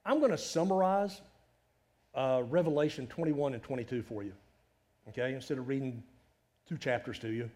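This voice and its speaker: The middle-aged pastor speaks at a moderate pace in a mid-range voice, leaving long pauses. His sermon is animated and conversational, with many rhetorical questions.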